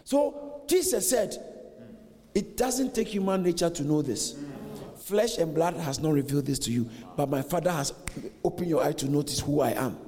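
A man's voice: a little high, animated, normal speed, dark tone. A man preaching a sermon as a pastor, acting out dialogue with animation. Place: church hall. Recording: long reverb in a large hall.

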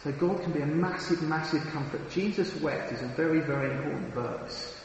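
A man's voice: fairly high pitch, brisk, a little hiss or hum. A man preaching a sermon, earnest and emphatic, often restarting and repeating his words. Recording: very echoey hall with long reverb.

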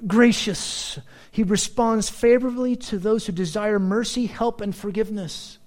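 A middle-aged man preaching as a pastor, shifting between slow, weighty phrases and quick, animated asides. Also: sits high. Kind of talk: sermon.

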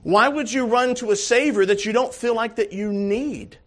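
Male pastor, high voice, emphatic sermon delivery that swings from hushed to shouted. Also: moderate pace. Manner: emphatic, swings from quiet asides to shouted calls.

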